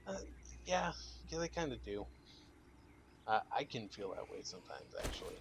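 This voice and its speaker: Playing a survival game, a tired young adult man rambles casually and with many fillers for his gaming channel. He has a gravelly, mid-range voice at a normal pace, and background noise can be heard.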